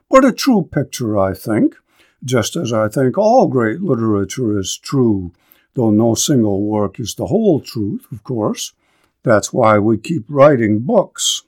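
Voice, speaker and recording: A man reading a novel aloud and then commenting on it as a lecturer, in a measured, thoughtful way. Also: medium pitch, darkish tone. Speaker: literature lecturer.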